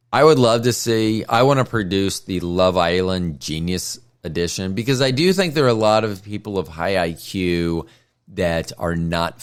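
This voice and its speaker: A man's voice: sits low, clean tone. A man hosting a casual solo podcast, talking in a blunt, sardonic way as he tells stories about his life. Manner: blunt, sardonic, lively storytelling. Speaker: podcast host.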